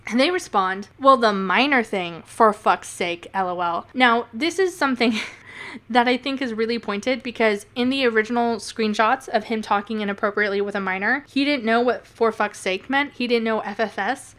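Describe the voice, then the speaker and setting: A woman's voice: a little high, normal speed, fairly bright tone. A woman YouTuber giving casual commentary, sarcastic, swearing and often laughing.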